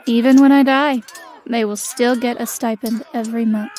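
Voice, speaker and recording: A woman's voice: fairly high pitch, fairly even intonation, moderate pace, darkish tone, natural voice. A young woman narrating in the first person as a bitter, magicless female elf soldier in an audio drama, her inner monologue defiant.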